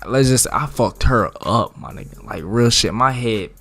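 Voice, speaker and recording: A man's voice: mid-range voice, animated, normal speed, faint music behind. Profane, swaggering storytime guy. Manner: profane, slangy, dramatic storyteller with big swings in loudness. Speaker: vlogger telling a story. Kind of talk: casual storytime.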